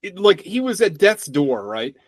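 A man's voice: high-pitched, big pitch swings, moderate pace, dry recording, clean studio sound. A man co-hosting a podcast, chatting casually and hedging his points with lots of "like". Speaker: podcast co-host. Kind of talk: casual chat.

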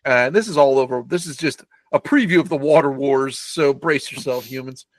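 A man co-hosting a podcast, loosely retelling a movie plot with profanity and quick silly voices. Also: medium pitch, dry recording. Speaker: podcast co-host recapping a film. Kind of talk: casual chat.

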